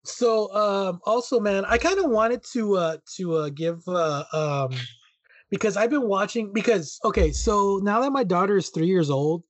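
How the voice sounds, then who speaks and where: A man's voice: high voice, lively intonation, moderate pace, no room sound. A young man co-hosting a podcast in casual chat, rambling with fillers. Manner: rambling, many fillers and restarts. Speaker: podcast co-host.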